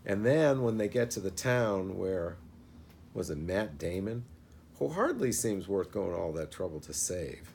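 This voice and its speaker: A man's voice: sits low, very animated, measured pace, vocal fry, darkish tone, slight background noise. A man reviewing a film in a casual, rambling retelling, full of fillers and asides.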